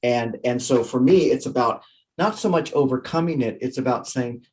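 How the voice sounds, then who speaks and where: A man, a guest author and coach, giving energetic conversational interview answers and acting out his own inner thoughts. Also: medium pitch, moderate pace.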